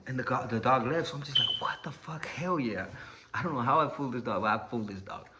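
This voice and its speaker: A man's voice: mid-range voice, very fast, heavy background noise. A man telling a personal story casually, cursing often and acting out what people said. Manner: profane, laid-back, acts out quotes.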